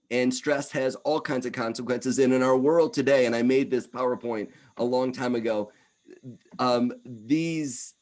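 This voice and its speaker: A man in his fifties giving an energetic wellness presentation, animated and talking in quick bursts. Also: mid-range voice. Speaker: wellness speaker. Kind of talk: presentation talk.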